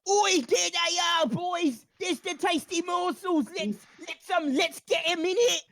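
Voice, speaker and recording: A man's voice: very high voice, slow pace, creaky, no room sound, studio quality, voice pushed up, full character voice. A man doing a cheeky rat boss. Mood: excited. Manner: brash, stammering, excitable. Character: cheeky cockney male rat leader.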